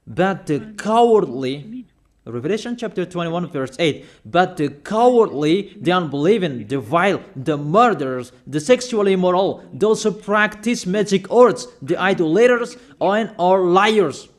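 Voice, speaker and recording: A man preaching a sermon, insistent and repeating phrases slowly for emphasis. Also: high voice, animated.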